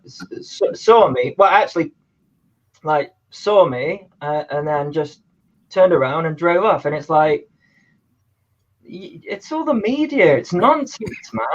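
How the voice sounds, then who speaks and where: A man's voice: on the high side, muffled recording. A man on a casual podcast, teasing his friends in banter. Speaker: podcast co-host. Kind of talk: casual chat.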